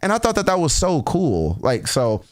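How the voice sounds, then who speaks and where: A man's voice: a little high, wildly swooping pitch, normal speed, no room sound, studio quality. A young man hosting a reaction video, telling a personal story in a candid, casual way, swearing often and restarting sentences.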